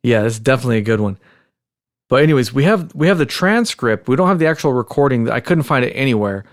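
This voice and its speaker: A man's voice: medium pitch, expressive, fast talker, no room sound, studio quality. A man hosting a podcast, chatty and joking, talking straight to listeners. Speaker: podcast host. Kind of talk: casual podcast chat.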